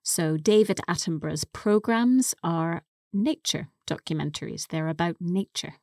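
Woman explaining english words on a podcast, lowish voice, takes it slow. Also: darkish tone, no echo, clean studio sound. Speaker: co-host and English teacher. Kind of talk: podcast language lesson.

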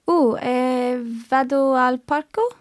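A woman's voice: high-pitched, slow pace. A woman learning a language on a podcast, answering tentatively and thinking aloud before she answers.

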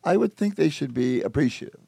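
A man speaking as a guest in casual chat, calm and matter-of-fact. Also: fairly high pitch, fairly quick, gravelly, slightly rough, dry recording.

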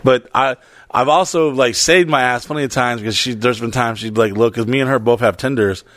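A man's voice: mid-range voice, brisk, a bit bright, no room sound, studio quality. A man telling a story in casual podcast chat, rambling, swearing freely and laughing as he goes.

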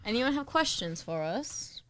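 A woman co-host teases and jokes her way through a live podcast chat. Her voice is fairly high and bright, with a lively pitch that swings widely. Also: unhurried, slight background noise. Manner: playful, teasing, laughs often.

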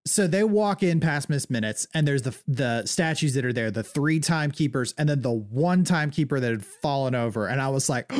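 A man's voice: fairly high pitch, lively intonation, normal speed, a little mellow. Enthusiastic man on a podcast. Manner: enthusiastic, breathless retelling. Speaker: podcast co-host. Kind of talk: casual chat.

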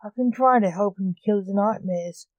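A woman reading a storybook aloud, voicing the Sandman, a calm, matter-of-fact male dream guardian. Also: mid-range voice, normal speed, dry recording, highs cut off, lightly acted.

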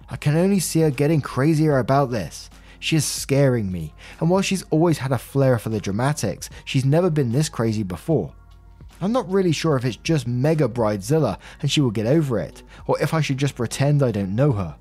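A man's voice: medium pitch, a little mellow, slightly rough. A man reading online posts aloud and chatting casually about them as host, with conversational asides. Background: faint music.

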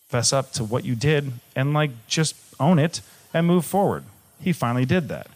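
A young man from Michigan tells a personal story to a live audience. He talks candidly and swears freely, at a middle pitch. His delivery swings between offhand humor and plain gravity. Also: lively intonation, moderate pace. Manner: candid, swearing, shifts from jokey to grave. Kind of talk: personal story told on stage.

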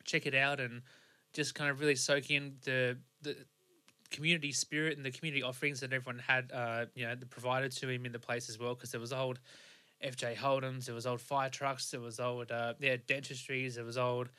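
A young man with an Australian accent tells his story in a loose, meandering way, circling back and restarting his sentences. His voice sits at an ordinary pitch with a bright, forward edge. It is a casual podcast monologue. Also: flat delivery, a little fast, clean tone. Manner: rambling, many fillers and restarts. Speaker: podcast host.

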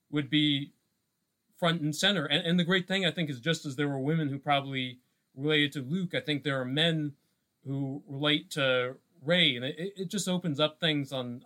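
Guy cohosting a podcast, bright tense voice, a bit high, keeps restarting his sentences. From Scottish roots. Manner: halting, many restarts and "you know"s. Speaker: podcast co-host. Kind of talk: casual chat.

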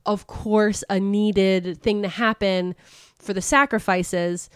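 A woman hosting a podcast, retelling a novel in a casual, chatty way, full of fillers and quick laughs. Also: mid-range voice, fairly even intonation, smooth, no echo, clean studio sound. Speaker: podcast host. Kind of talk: casual book recap chat.

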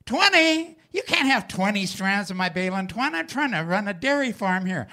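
A man voicing his gruff, cussing dairy-farmer father, who talks bluntly and fast. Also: high-pitched, animated, background noise, pitched above the performer's own voice. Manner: blunt, quick and grumbling.

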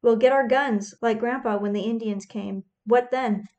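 A woman's voice: on the high side, steady tone, moderate pace, a little mellow, lo-fi sound, natural voice. A woman reading the lines of desperate poor tenant farmer men, pleading and urgent in her own voice. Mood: defiant.

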